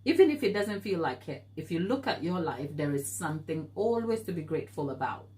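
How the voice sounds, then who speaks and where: A woman's voice: fairly low pitch, very animated, brisk, mellow. A woman hosting a live baking stream, talking earnestly and encouragingly as she answers viewer comments, laughing easily. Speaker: baking show host.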